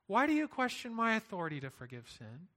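Man, pastor, bright and forceful tone, slightly higher voice, earnest sermon delivery with rhetorical questions. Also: huge pitch swings, fairly quick.

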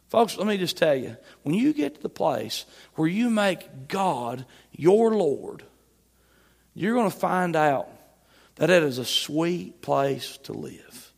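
A male pastor preaching a Sunday sermon, emphatic, swinging between loud and soft. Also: fairly high pitch, sing-song, slow, gravelly. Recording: long hall reverb.

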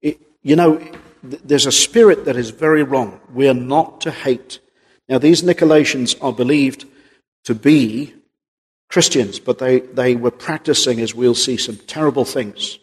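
A man's voice: mid-range voice, unhurried, husky. A man preaching a sermon in an earnest, emphatic way, reading old-style scripture aloud. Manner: earnest, emphatic, quotes King James scripture. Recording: long reverb of a large hall.

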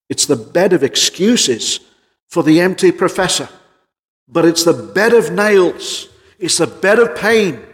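A man preaching a sermon in an earnest voice, pressing his points with rhetorical questions and swinging between loud emphasis and quieter passages. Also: fairly high pitch, big-room sound.

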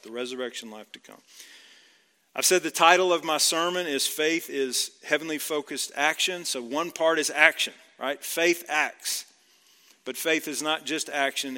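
A man's voice: fairly high pitch, pushed and bright, in a large hall. A male pastor from Georgia preaching a sermon in a conversational way, often checking in with "right?".

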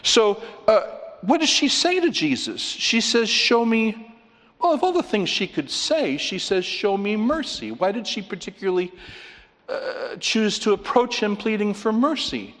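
A man's voice: high voice, unhurried. Preacher man in an echoing church hall. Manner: animated, outline-driven, acts out quoted pleas loudly. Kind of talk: expository sermon. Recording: long reverb of a church hall.

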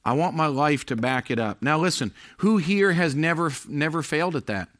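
A middle-aged man preaching a sermon as pastor, earnest and confessional, rising loud then dropping quiet. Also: on the high side, expressive, moderate pace, no room sound, clean studio sound.

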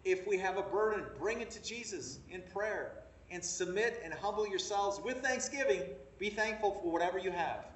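A high-pitched man delivers a sermon, reading verses and pressing his points with rising emphasis. He is recorded from a distance, and the room around him echoes. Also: expressive, normal speed, a bit bright. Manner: preaching with rising emphasis, reading scripture aloud. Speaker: preacher. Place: room with a congregation.

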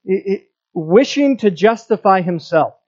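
A man's voice: high-pitched, lively intonation, measured pace, a little mellow, dull audio. A man preaching a sermon, earnest, often repeating words and restarting his phrases. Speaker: pastor.

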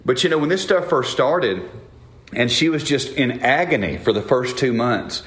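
A man's voice: mid-range voice, animated, normal speed, a bit bright, reverberant. A middle-aged man preaching a sermon in an earnest, conversational way, often restarting his phrases. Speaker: pastor.

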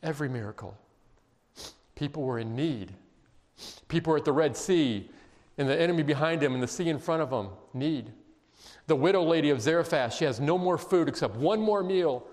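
A man preaching a sermon, emphatic and emotional, dropping to quiet intense passages. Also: fairly high pitch, animated, normal speed. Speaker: pastor. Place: church sanctuary. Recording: long reverb of a large hall.

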